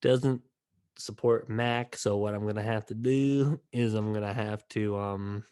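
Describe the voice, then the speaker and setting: A young man talking slowly in a lowish voice on his own podcast, tired and yawning. He rambles through fillers and restarts, drops into mournful mumbles, then bursts out loud. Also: fairly even intonation, clean tone. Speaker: podcast host. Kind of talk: casual solo podcast rant.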